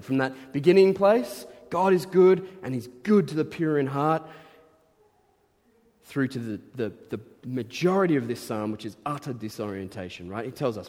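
A man's voice: medium pitch, a little mellow. A man preaching a sermon in a chatty, playfully self-deprecating way. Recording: long reverb in large hall.

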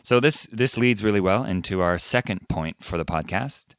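A man's voice: fairly low pitch, animated, normal speed, fairly bright tone, clear, resonant tone, dry recording, clean studio sound. A man co-hosting a podcast, explaining ideas through everyday examples and laughing easily. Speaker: podcast co-host. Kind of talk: casual podcast conversation.

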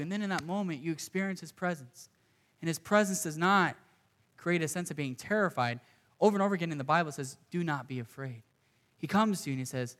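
A man's voice: fairly high pitch, quick pace, fairly bright tone. A young man preaching a sermon to a congregation, earnest and conversational, with casual asides. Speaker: pastor.

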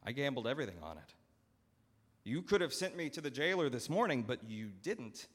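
A man voicing a scheming steward with hurried, eager salesman patter, in a long church reverb. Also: mid-range voice, very animated, voice pushed up. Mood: contrite. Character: slick scheming male steward, fast-talking.

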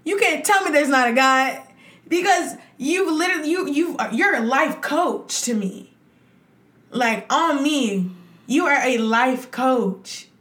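Excitable woman guest, effusive and laughing, bright-pitched, recorded in a roomy space. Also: slow. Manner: gushing, exuberant, with frequent laughs and "y'all". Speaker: podcast guest. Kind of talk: excited casual chat. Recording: echoey room.

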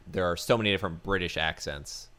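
A man's voice: sits low, quick pace, pushed and bright. A man co-hosting a podcast in casual chat, rambling with lots of fillers. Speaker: podcast co-host.

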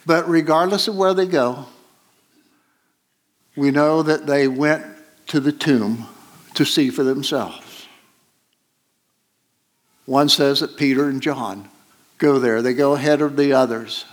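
A man preaching a sermon, retelling a scripture story slowly with many pauses and fillers. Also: medium pitch.

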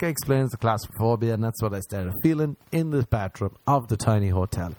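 Speaking in a lowish, darkish voice at a brisk clip, a young man spins a meandering, foul-mouthed story and performs everyone else's dialogue. A faint hiss or hum sits under the audio.

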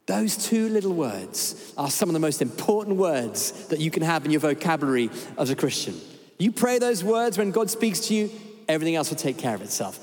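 This is a man preaching in a large church hall, animated and humorous, often acting out little scenes. His voice sits high and swings widely in pitch. Every phrase rings out with a long reverberant tail from the hall. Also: a little fast. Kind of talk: sermon.

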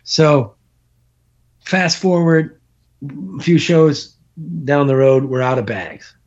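A middle-aged man, a podcast guest, telling a long road story in casual, animated talk, swearing and laughing as he goes. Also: on the high side, takes it slowly. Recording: dull lo-fi podcast audio.

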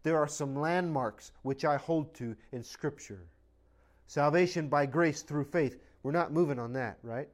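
A pastor delivers his sermon in a high male voice, pressing each point with rhetorical questions. His preaching is emphatic and unbending, driving home what he holds as fixed truth. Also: measured pace.

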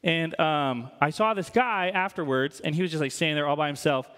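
This is a pastor delivering a sermon in a high, light voice. He keeps it conversational and jokey, and often tosses in "right?" to the congregation. His voice rings out with a long hall echo from the church around him. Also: a little fast, fairly bright tone.

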